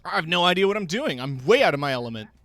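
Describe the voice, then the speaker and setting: A man's voice: fairly high pitch, sing-song, rapid-fire, a bit bright, no echo, pitched above the performer's own voice. A man voicing a nervous, out-of-his-depth young male new hire in a game, talking in a flustered, self-deprecating way.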